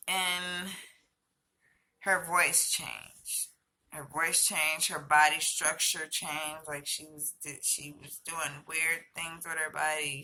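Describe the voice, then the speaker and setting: A woman's voice: low voice, pushed and bright. A woman telling a personal story as a vlogger, hesitant, with many fillers and restarts.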